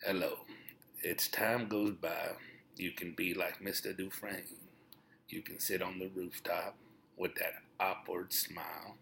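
A man doing an impression of a famous actor, putting on a deep, slow, hushed voice with measured, solemn delivery. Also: flat delivery, gravelly, a little hiss or hum, exaggerated voice.

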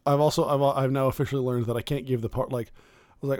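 A man's voice: mid-range voice, fast, no room sound. A man in casual chat, a first-time game master who rambles, restarts his sentences and livens up when he tells a story. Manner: rambling, self-correcting, animated when telling stories.

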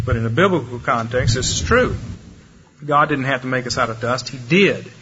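A man giving a sermon-style lecture, demonstrative, shifting his pace and loudness to make points. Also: mid-range voice, moderate pace, background noise. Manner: demonstrative, lively delivery with varied pace and loudness. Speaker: preacher. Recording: muffled lo-fi recording with faint ambience.

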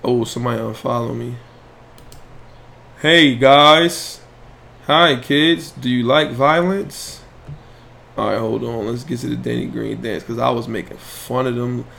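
On a casual sports podcast livestream, a male host speaks in a creaky, mid-range voice, unhurried and with long pauses. He's animated in his loose, profane trash talk, bantering with viewers and addressing them directly.

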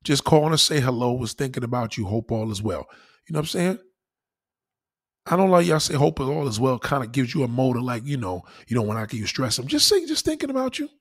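Husky dude vlogging life advice, swears a lot, voice jumps all over. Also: male voice, medium pitch, a little fast. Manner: animated, preachy, swears freely. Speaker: YouTuber. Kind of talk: casual advice monologue.

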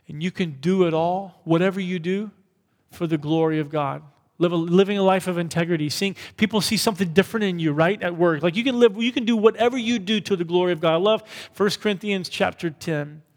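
A man's voice: fairly high pitch, long reverb tail. A man preaching a sermon as pastor, in a conversational way, often checking in with "right?". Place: church hall.

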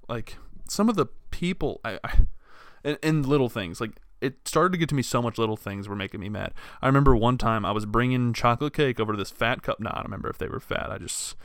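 A man's voice: medium pitch, animated, quick pace, a bit bright, no echo, studio quality. A young man hosting a podcast, ranting in a casual, profane and rambling way, full of exasperated restarts. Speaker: podcast host. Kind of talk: casual solo rant.

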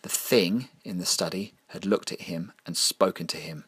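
A man with a deep, low voice narrates a scripted horror tale. He keeps a measured, grim pace and slows to weigh his key phrases. The recording is dry and close, with no room sound. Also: a bit bright, slightly rough, no room sound.

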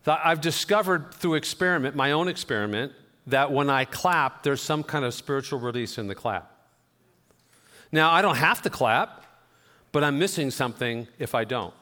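A man's voice: mid-range voice, animated, moderate pace, sharp tone. Man preaching in a reverberant church. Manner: conversational, self-deprecating storytelling with gestures. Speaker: pastor. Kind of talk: sermon. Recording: long reverb of a church hall.

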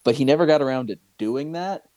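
A man's voice: mid-range voice, quick pace, darkish tone, no echo. Male co-host, casual chat, hesitant and rambling, dry close mic. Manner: rambling, hesitant with many fillers.

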